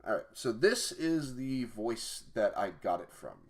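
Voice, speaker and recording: A man's voice: mid-range voice, very animated, unhurried, a little hiss or hum. A man who develops indie games, chatting casually on a livestream and rambling with fillers and restarts, with his mic held off to the side. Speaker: indie game developer streaming. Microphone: mic held off to the side, no pop filter. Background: faint music.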